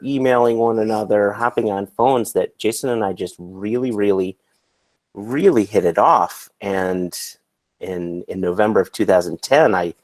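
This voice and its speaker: Low-voiced man telling a rambling story. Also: a little mellow, no room sound. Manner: earnest, rambling anecdotes with restarts. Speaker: podcast guest. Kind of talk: casual chat.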